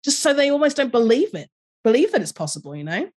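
A woman from London with a London accent, a business coach talking as a podcast guest, animated and laughing often. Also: on the high side, fast. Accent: London English. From London, England. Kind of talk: casual podcast conversation.

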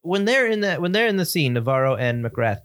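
A man talks through a movie on a casual podcast in an easygoing, good-humoured way. His voice sits a touch high for a man. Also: big pitch swings, a little fast, a bit bright. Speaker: podcast co-host.

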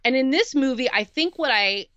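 A woman co-hosting a podcast, giving a measured, thoughtful take on a horror film. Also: sits high, animated, a bit bright, dry recording, lo-fi sound. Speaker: podcast co-host. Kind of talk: casual film discussion.

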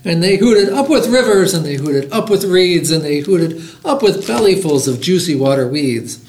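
A middle-aged man hosting a library podcast, reading a picture book aloud with lively voiced characters. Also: fairly high pitch, normal speed, roomy sound.

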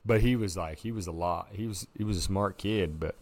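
With a low voice and a slightly fast delivery, this podcast co-host narrates a story in relaxed conversation. He's an animated teller who acts out what people said and drops "dude" again and again.

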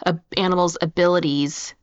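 A woman co-hosting a podcast in casual, playful chat, quick to joke. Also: on the low side, steady tone. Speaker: podcast co-host. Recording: slightly dull lo-fi sound.

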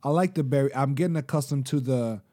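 Man, podcast co-host. Mellow, animated storyteller. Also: fast talker. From Canada. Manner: animated storytelling, acts out quotes in higher voice. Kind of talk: casual chat.

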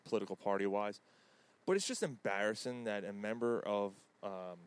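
Profane laid-back sports podcast host. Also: male voice, fairly low pitch, steady tone, normal speed, clear, resonant tone. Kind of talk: casual sports chat.

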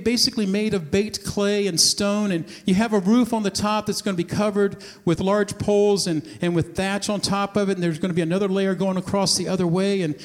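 A man's voice: high-pitched, big-room sound. A man preaching a sermon, retelling a scene as a story and acting out the voices of the people in it. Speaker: pastor.

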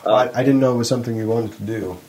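A man's voice: mid-range voice, fairly even intonation, very fast, dark tone. A man co-hosting a podcast in casual chat, hesitant and self-correcting with dry remarks. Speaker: podcast co-host.

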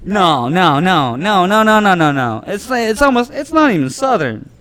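A man co-hosting a podcast in casual chat, joking and riffing with quick laughs. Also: high voice, sing-song, a bit bright. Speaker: podcast co-host.

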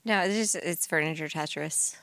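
A woman co-hosting a podcast who keeps the talk playful and full of jokes. Her voice sits on the low side. The sound is dry and close-miked. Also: creaky, fairly bright tone, no room sound. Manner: playful, joking, quick to laugh. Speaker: podcast co-host. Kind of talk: casual chat.

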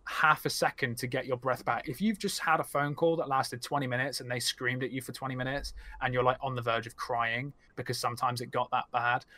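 A young man, a streamer guest on a casual podcast, telling stories in an animated way and swearing freely. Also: mid-range voice, fairly quick, few pauses.

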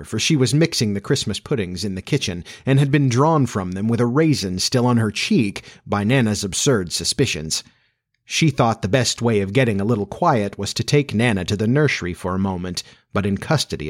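A man reading a classic children's story aloud as narrator, measured and expressive. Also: fairly low pitch.

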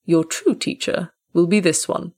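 A woman voicing a proud old male great cat who speaks in a slow, grave, commanding way. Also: fairly low pitch, steady tone, dark tone, breathy edge. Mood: regal.

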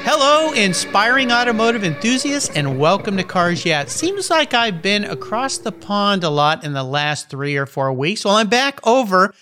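Animated, upbeat male podcast host. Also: sits high, moderate pace, hardly any pauses. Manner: enthusiastic, animated, playful. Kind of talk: upbeat podcast interview and ad read.

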